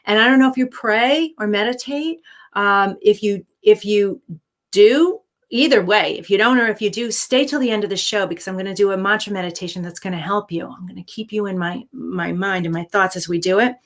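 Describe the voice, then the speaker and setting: A woman's voice: medium pitch, a little fast. A woman hosting a live-streamed show, answering viewer questions with earnest, encouraging life-coaching advice.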